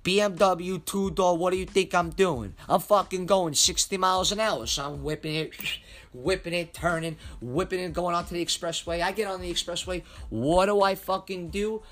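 A man's voice: high voice, normal speed, a bit bright, a little hiss or hum. A young man hosting a podcast, telling a story in a rambling, profane, emphatic way. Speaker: podcast host. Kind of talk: casual storytelling monologue.

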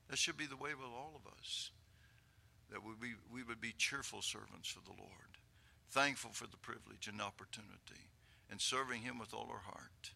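An older man preaching a sermon, swelling to loud, fervent peaks and tossing chuckling asides to his congregation. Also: lowish voice, creaky.

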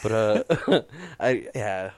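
Low-voiced man chatting, dry sound. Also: very slow, dry recording. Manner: relaxed, storytelling, laughs easily. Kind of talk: casual chat.

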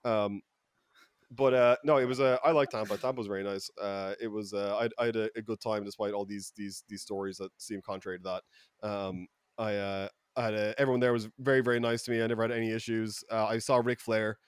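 An Irish man tells stories on a casual podcast, profane and animated, with his voice jumping up in sudden loud bursts. He talks fast. The room sounds dry and close. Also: fairly low pitch, clear, resonant tone, no echo. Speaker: podcast co-host.

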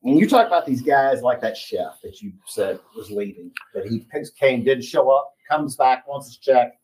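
A man interviewing a guest, asking measured, probing questions. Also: medium pitch, animated, darkish tone, poor audio.

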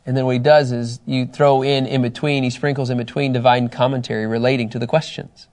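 A man teaching a Bible lesson to a group, reading scripture passages aloud and asking his listeners questions in an animated way. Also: medium pitch, a little fast.

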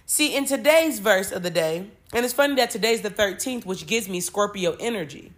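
A woman's voice: mid-range voice, lively intonation, normal speed, hardly any pauses. A woman, reading Bible verses and talking emotionally and informally, swearing freely, on her spiritual podcast.

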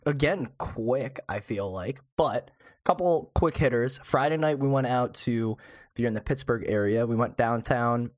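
A man's voice: medium pitch, normal speed. A man co-hosting a casual podcast, laid-back and joking, laughing often as he talks. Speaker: podcast co-host.

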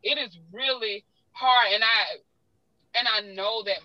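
Talkative Southern woman, bright tone. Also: on the high side, slow, no echo, dull audio. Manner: talkative, heartfelt, self-described talker. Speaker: guest. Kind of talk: emotional personal storytelling.

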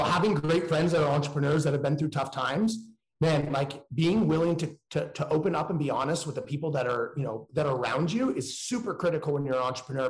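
A man's voice: a little high, echoey room, poor audio. A man speaking candidly in a casual, slangy way, with frequent restarts. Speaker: guest entrepreneur.

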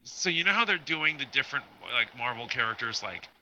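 A man's voice: mid-range voice, animated, brisk, sharp tone, dull audio. A man co-hosting a casual pop-culture podcast, talking in a chatty, rambling way about rumors. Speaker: podcast co-host.

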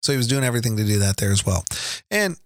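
A middle-aged man tells a family story in a loose, rambling way, full of fillers and restarts. His voice sits at an ordinary middle pitch. The recording is dry and close, with no room sound. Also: big pitch swings, rapid-fire, no echo. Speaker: podcast co-host, father. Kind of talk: casual storytelling chat.

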